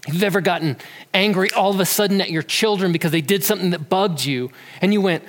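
High-voiced man with hall reverb. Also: fast. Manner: conversational, repeats words when quoting. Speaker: speaker on emotions. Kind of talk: earnest motivational talk.

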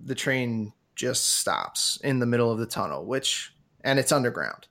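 A man's voice: medium pitch, normal speed. A man, co-hosting a podcast, telling a long story in a casual way and acting out his own panic. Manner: animated, acts out his own panic in a raised voice. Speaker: podcast co-host.

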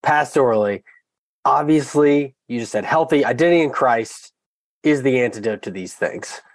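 A man's voice: medium pitch, lively intonation, normal speed, no echo. A male podcast co-host asking an eager, thoughtful question. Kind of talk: interview question.

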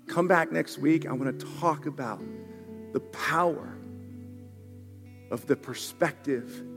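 High-pitched pastor guy preaching, goes quiet then loud, big echoey hall, soft music behind. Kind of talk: sermon. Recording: reverberant hall with faint music.

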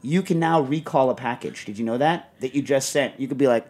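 A middle-aged man hosting a casual chat show, telling stories in a rambling, animated way with lots of fillers. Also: medium pitch, brisk. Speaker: podcast host.

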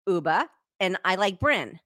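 A woman hosts a podcast in a loose, animated chat, laughing and often dropping sentences halfway. Her voice is bright and forceful at a middling pitch. She sits close to a dry studio mic. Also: unhurried, no room sound. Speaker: podcast host. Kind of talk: casual chat.

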